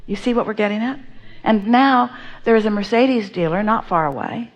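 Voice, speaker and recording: A woman's voice: medium pitch, animated, normal speed, highs cut off. A woman teaching a live seminar audience, speaking as "we" and often checking that listeners follow. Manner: speaks as "we", asks the listener to agree.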